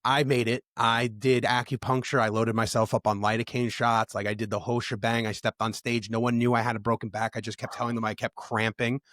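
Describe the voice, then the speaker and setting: A man's voice: mid-range voice, little pitch movement, brisk, few pauses, a bit bright, no room sound, clean studio sound. A man on a podcast, telling candid stories in a casual, profane way. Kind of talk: casual chat.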